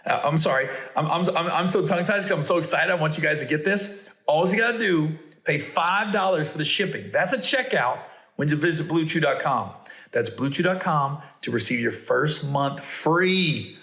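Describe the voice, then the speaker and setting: Animated comedian host in a roomy room. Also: male voice, fairly high pitch, moderate pace. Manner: animated, playful, with stammering restarts. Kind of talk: casual storytelling and ad reads. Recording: roomy echo.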